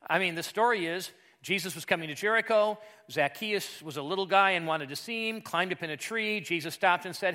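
A male pastor with a bright, forceful voice that sits a little above the usual pitch for a man. He preaches in an animated, chatty way and pushes up hard on words he wants to stress. He is speaking in a church sanctuary. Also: fairly quick. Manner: animated, conversational preaching with emphatic rises. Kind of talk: sermon.

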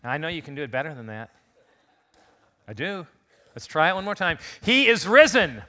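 A pastor recovering from a recent illness gives an Easter sermon in a church sanctuary, speaking conversationally and leading the congregation in call-and-response. His fairly high-pitched voice has lively intonation, a sharp tone and a slightly fast pace. Slight background noise is audible.

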